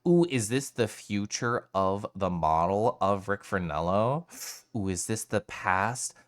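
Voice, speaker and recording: A man streaming live, chatting casually with his viewers in an animated way and swearing now and then. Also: fairly low pitch, takes it slowly.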